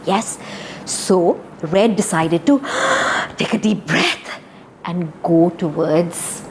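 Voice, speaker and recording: A woman telling a children's story interactively, animated, talking straight to the kids with gasps and dramatic pauses. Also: fairly low pitch, slight background noise.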